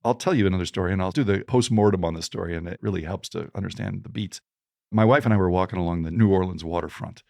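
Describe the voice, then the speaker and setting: Low gravelly-voiced man telling stories. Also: dry recording, clean studio sound. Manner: animated, acts out voices in anecdotes. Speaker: storytelling coach, guest. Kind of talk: conversational podcast storytelling.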